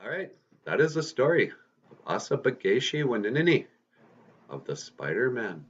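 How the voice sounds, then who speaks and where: A man's voice: mid-range voice, sing-song, moderate pace, pauses often, over music. A man hosting a podcast, telling a story to kids in a casual, folksy, chatty way. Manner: folksy, chatty, addresses listeners. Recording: dull lo-fi recording.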